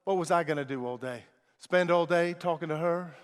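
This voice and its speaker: A man voicing a brash, proud male businessman in his seventies who talks insistently and loudly, in an echoey large hall. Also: fairly high pitch, brisk, clean tone, natural voice. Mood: boastful. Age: 70s. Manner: insistent, challenging, loud.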